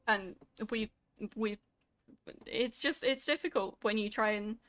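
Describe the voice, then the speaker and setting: A woman's voice: on the high side, a little slow, fairly bright tone. A woman streamer chatting casually with her viewers while she plays a game, reacting animatedly to their comments. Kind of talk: casual gameplay chat with chat.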